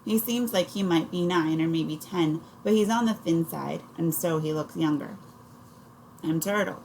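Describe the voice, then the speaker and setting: A woman narrates an audiobook in the first person, in a steady storytelling manner. Her voice is low and dark. A faint hiss sits under it. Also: normal speed, poor audio. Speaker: audiobook reader.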